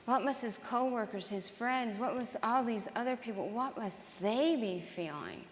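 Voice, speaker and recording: A woman telling her own story to an audience in an earnest, halting way, often restarting her sentences. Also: fairly high pitch, expressive, a little hiss or hum. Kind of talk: personal testimony talk to an audience. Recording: roomy hall with long reverb.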